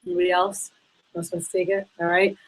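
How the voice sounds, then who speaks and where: A woman's voice: lowish voice, flat delivery, fast talker, a little hiss or hum, low-quality recording. A woman leading a sales training workshop, talking casually and acting out phone calls with her reps. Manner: chatty, acts out phone calls in quoted voices.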